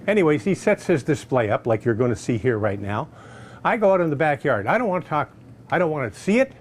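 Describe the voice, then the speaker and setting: A man telling a personal story casually, animated and acting out other people's voices. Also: a little high, fast. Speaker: customer giving a testimonial.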